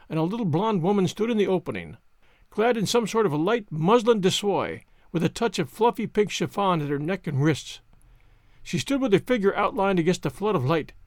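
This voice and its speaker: A man narrating a classic detective story in an expressive, storytelling way. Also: high-pitched, no echo, studio quality.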